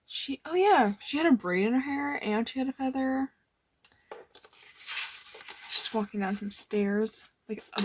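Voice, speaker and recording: A woman's voice: on the high side, slight background noise. A young woman casually rambling as she flips through her old sketchbooks, nervous and full of fillers. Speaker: artist showing old sketchbooks.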